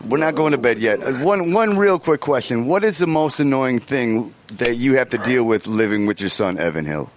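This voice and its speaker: A man hosting a podcast, loud and mocking, shouting and laughing through crude banter. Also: medium pitch, expressive, normal speed, hardly any pauses. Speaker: podcast host.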